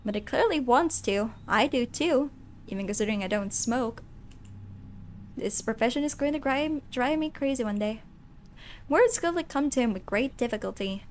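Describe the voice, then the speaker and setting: A woman streamer reads a game's story aloud in a bright, slightly high voice. She is playful and animated, mixing dramatic narration with quick asides to her chat. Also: a little hiss or hum. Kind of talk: casual let's-play, reading game text aloud.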